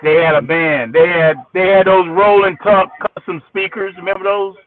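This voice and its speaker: A man spins a story from his years as a musician, profane and animated, starting his sentences twice before they land. His voice sits high, and it arrives squeezed and tinny, as if over a telephone radio hookup. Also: moderate pace. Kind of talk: casual storytelling. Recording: tinny phone-like radio sound.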